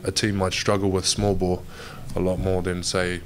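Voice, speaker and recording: A young man with a New Zealand accent talks casually to reporters at a press event. His voice is very low, and he rambles loosely, saying "mate" over and over. There is faint background noise behind him. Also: monotone, normal speed. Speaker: pro basketball player. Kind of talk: media day press interview.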